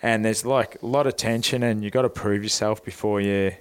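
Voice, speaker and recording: A man's voice: on the low side, fairly even intonation, fairly quick, clean tone. A young Australian man with an Australian accent, a guest telling stories in a laid-back, casual way and swearing freely. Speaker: guest, professional boxer. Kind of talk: casual storytelling on a podcast.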